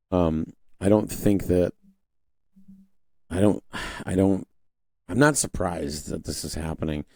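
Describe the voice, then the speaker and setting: A man's voice: deep voice, dark tone, no echo, studio quality. A young man hosting a casual political commentary monologue, rambling with restarts and mocking voices when he quotes others. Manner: conversational, rambling with frequent restarts and fillers. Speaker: podcast host.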